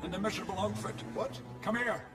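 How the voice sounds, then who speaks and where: An actor voicing a stern, accusing man in an animated film. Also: high voice, quick pace, over music, lightly acted.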